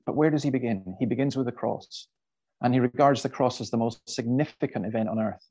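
Middle-aged male preacher, medium voice, lively storytelling with frequent restarts. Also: medium pitch, a little fast, husky, rough recording. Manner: animated storyteller who repeats words and restarts sentences. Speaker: Christian speaker and evangelist. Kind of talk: storytelling talk to a church audience.

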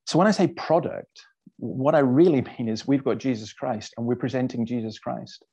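A middle-aged man speaking to a church audience, telling stories as an evangelist, animated and often repeating himself. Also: medium pitch, normal speed, slightly rough, highs cut off. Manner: animated storyteller who repeats words and restarts sentences. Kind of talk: storytelling talk to a church audience.

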